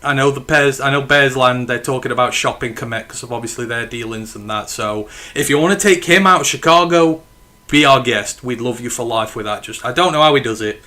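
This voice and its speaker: A man's voice: mid-range voice, brisk, bright, forceful tone. A man hosting a casual podcast chat, talking freely with some swearing as he reads listener questions. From England. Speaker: podcast host.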